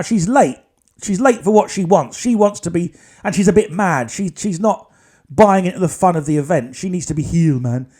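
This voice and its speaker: A man with a fairly high voice tells a long story on his podcast. He rambles from one thing to the next in a casual way and keeps dropping dry little asides. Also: a little mellow. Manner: chatty, digressive, wry asides. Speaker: podcast host.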